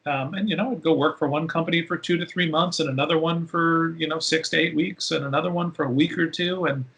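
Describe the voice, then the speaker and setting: A man who is a podcast guest, telling stories in a casual interview with lively, animated delivery. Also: fast talker, creaky. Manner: animated storyteller with big pitch jumps.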